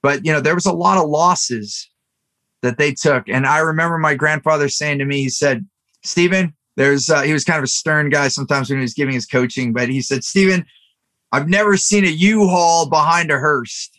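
A middle-aged man speaking on a podcast in a slightly high, bright, forward voice. He tells personal stories in an earnest, motivational manner, loose and chatty with frequent fillers. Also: fairly even intonation, a little fast. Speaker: podcast host. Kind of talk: casual podcast conversation.

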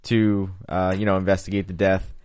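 A man's voice: sits low, flat delivery, fairly quick, darkish tone, clear, resonant tone, no echo, studio quality. A man hosting a casual episode recap chat, laughing often and hesitating with lots of fillers. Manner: laughs often, hesitant with many uh and you know. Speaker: host.

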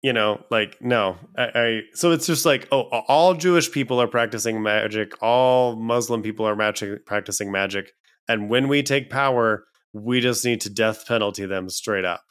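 A man's voice: lowish voice, a bit bright, clear, resonant tone. A man co-hosting a podcast, talking casually with many fillers and restarts and a frustrated tone. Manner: halting, filler-heavy, exasperated. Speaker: podcast co-host.

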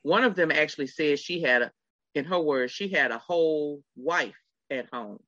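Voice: medium pitch, moderate pace, bright, forceful tone, dry recording. A middle-aged podcast host telling a story in casual chat, talking straight to the listeners. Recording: slightly dull lo-fi sound.

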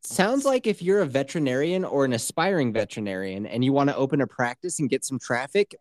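A man's voice: mid-range voice, animated, fast talker, dry recording, studio quality. A man co-hosting a casual chat, making wry, joking asides.

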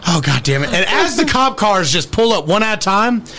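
A man's voice: high-pitched, brisk, slight background noise. A young adult man co-hosting a podcast, swearing freely and acting out quotes as he tells stories in casual chat. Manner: animated storyteller, swears freely, acts out quotes. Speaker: podcast co-host.

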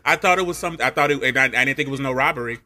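A man co-hosting a casual podcast, telling comic stories in an animated way and laughing often. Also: medium pitch, racing. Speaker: podcast co-host. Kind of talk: casual chat, comic storytelling.

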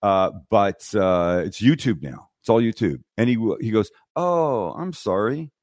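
A man's voice: lowish voice, moderate pace, no room sound, studio quality. A middle-aged man, a cooking show host, telling stories bluntly and acting out the people in them during a casual interview. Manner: blunt, animated storyteller who acts out dialogue. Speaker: TV and YouTube cooking host, guest. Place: podcast studio. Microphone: studio microphone.

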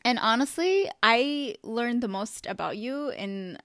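A woman's voice: fairly high pitch, slow, dry recording, studio quality. Rambling woman podcaster in her twenties. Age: 20s. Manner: animated, rambling. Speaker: podcast host. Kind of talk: casual chat.

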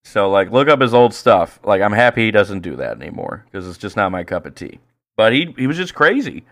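A man co-hosting a podcast in casual chat, profane and excitable, prone to loud rants. His pitch swings a lot, and his tone is bright and forceful. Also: a little fast. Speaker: podcast co-host.

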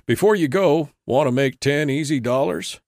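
A man voicing a calm, dignified male saloon owner in an old-west audiobook, speaking gravely and coolly. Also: fairly high pitch, normal speed, no echo, pitched above the performer's own voice. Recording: dry close recording.

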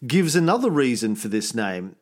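A man's voice: medium pitch, sing-song, normal speed. A man hosting a casual history podcast, explaining at length, reading quotes aloud and joking. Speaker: podcast host telling Roman history.

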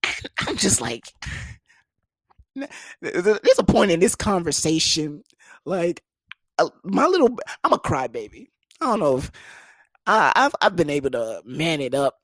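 A young American man tells a funny personal story, swearing freely and jumping into high voices to imitate other people. There is no room sound.

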